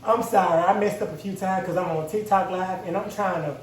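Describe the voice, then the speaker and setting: A man's voice: sits high, fairly even intonation, brisk, slight background noise. A man cooking at home and talking straight to his viewers in a loose, profane, joking way while stressed. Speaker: cooking vlogger. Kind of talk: casual cooking chat. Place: home kitchen. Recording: echoey room, mic at a distance.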